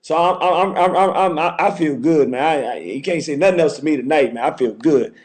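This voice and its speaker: Male call-in host, high voice, fervent preacher-like rhythm. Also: brisk. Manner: fervent, repetitive, preacher-like cadence. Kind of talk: call-in show.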